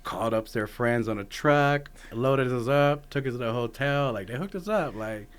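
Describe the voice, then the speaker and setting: A man's voice: medium pitch, lively intonation, normal speed, clean tone. A man from Texas, a podcast guest, telling stories in a laid-back, casual way, swearing freely and laughing often. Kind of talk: casual conversation.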